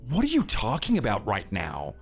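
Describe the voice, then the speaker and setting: A man's voice: fairly low pitch, wildly swooping pitch, normal speed, soft background music, heavily acted. A man playing a husband in a dramatized story, curt and defensive toward his partner. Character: cold, defensive young husband.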